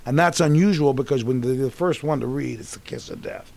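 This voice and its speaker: A man's voice: mid-range voice, brisk, vocal fry. A man in his sixties, an actor telling rambling stories about his career in a casual interview. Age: 60s. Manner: animated, rambling anecdotes with restarts. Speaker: actor guest.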